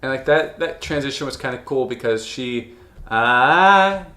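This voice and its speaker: A man's voice: medium pitch, expressive, a little slow, music in the background. Profane, gushing man in a roomy space. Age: 30s or older. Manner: profane, gushing, rambling with restarts. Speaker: video reviewer. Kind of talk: casual reaction commentary.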